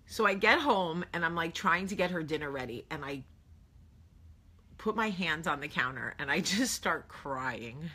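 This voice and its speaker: Animated woman telling a story, husky and bright. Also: sits low, measured pace. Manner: animated, shouting when reenacting, conversational. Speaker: vlog host. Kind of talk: casual storytelling vlog.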